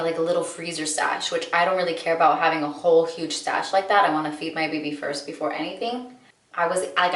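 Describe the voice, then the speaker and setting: Low-voiced woman, distant roomy mic. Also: fairly bright tone. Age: late 20s. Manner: chatty and heartfelt, full of "like" fillers. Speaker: vlogger and mother. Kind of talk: candid casual storytelling.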